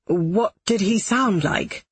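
A woman's voice: medium pitch, slow pace, slightly rough, no room sound. A woman reading an audiobook voices a frantic, impatient man speaking in urgent, clipped lines. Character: frantic, impatient adult male brother.

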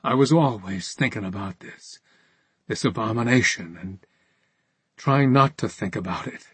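Guilt-ridden older priest, read by a man, subdued and defensive, slow and husky. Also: fairly low pitch, dry recording.

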